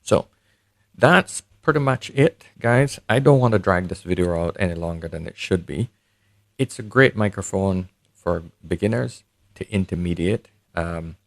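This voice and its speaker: A man's voice: low-pitched, gravelly, a little mellow, dry recording. A man giving a casual review to camera, talking chattily to his viewers through a desk condenser mic at home. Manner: chatty, addresses viewers as guys. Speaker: tech reviewer. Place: home setup, not a studio. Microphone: studio condenser mic on desk.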